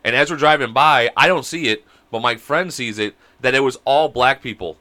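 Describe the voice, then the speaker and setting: A man with a bright, forward voice and a touch of congestion tells a long, rambling story on a casual podcast. He laughs often and swears freely. He is on a video call. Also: medium pitch, normal speed, no room sound. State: sick with mucus. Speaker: podcast co-host. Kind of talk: casual chat.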